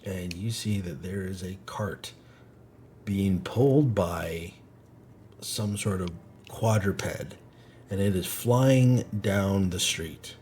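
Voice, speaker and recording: A man's voice: deep voice, takes it slowly, darkish tone, a little hiss or hum. A man running a tabletop game as game master on a live stream, joking and laughing often.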